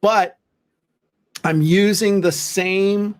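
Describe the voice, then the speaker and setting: Man, podcast co-host, casual chat, animated folksy storyteller, slightly high voice. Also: drawn-out words.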